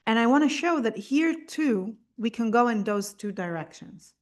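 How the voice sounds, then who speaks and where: A woman's voice: a little high, lively intonation, normal speed. A woman teaching a text-study lesson, mixing in Hebrew terms and checking in with her listeners as she explains. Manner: explains patiently, often checking in with "right?". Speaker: Torah teacher.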